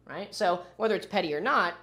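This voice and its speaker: A man livestreams his reaction to a video, arguing his point and talking back to his chat in casual commentary. His voice sits high, moves fairly quickly, and sounds pushed and bright.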